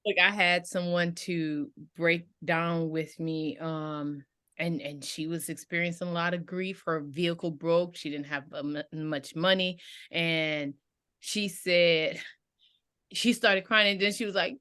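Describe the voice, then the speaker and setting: A woman's voice: on the low side, steady tone, unhurried, bright, forceful tone, clean tone. A woman in casual conversation about grief, animatedly telling personal stories and acting out the voices of the people in them.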